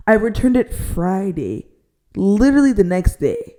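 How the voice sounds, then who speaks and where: Exasperated young woman ranting, mellow voice. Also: mid-range voice, very animated, measured pace. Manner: exasperated, heavy use of "like", drops to a near-whisper to avoid shouting. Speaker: storytime vlogger. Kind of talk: casual storytime rant.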